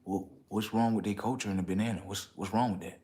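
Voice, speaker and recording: A man with a fairly low voice talks to his livestream audience in a loose, slangy ramble, tossing in "okay" and "right" after nearly every line. When he gets worked up, his voice climbs high and loud. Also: fairly even intonation, fast talker. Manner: slangy, street-casual talk. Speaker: livestream host. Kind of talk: casual livestream rant.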